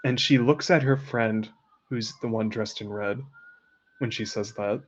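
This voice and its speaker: A man narrating a tabletop roleplaying game as game master, describing scenes in a lively, chatty way. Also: on the low side, a little slow, muffled recording, a little hiss or hum. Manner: lively, descriptive, laughs easily.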